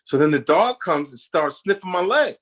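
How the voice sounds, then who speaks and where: A man's voice: a little high, normal speed. A man guest on a radio show, telling stories in a loose, slangy way and acting out other people's voices. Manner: animated storyteller, acts out others' voices in quotes; slangy, repeats "you know what I'm saying". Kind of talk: casual storytelling interview.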